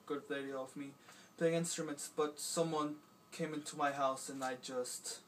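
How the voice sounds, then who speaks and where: A young man voicing a weird, quirky musician who talks in an odd, dreamy, drawn-out way. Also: fairly high pitch, fairly even intonation, far from the mic, noisy background, lightly acted.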